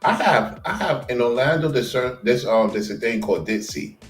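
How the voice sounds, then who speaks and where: A man chatting casually in animated storytelling, jumping to quoted voices. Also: mid-range voice, moderate pace, echoey room, faint music behind. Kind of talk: casual chat.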